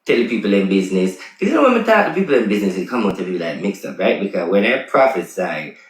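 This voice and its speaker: In an echoey room on a rough recording, a man with a Jamaican accent who calls himself a prophet vlogger rants casually on camera. His voice is fairly low, very animated and quick, and he pushes his point insistently, repeating himself with heavy emphasis.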